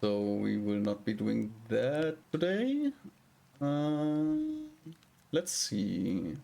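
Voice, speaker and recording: A man's voice: lowish voice, sing-song, extremely slow, vocal fry, warm tone. A man streaming live, chatting casually with viewers in a rambling, hesitant way.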